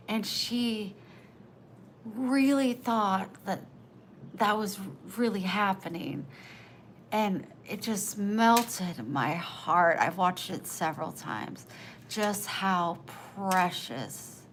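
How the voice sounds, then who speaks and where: A woman's voice: mid-range voice, slow pace, slight background noise, low-quality recording. A woman livestreaming, chatting with her viewers in a tender, emotional, rambling way. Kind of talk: casual live chat.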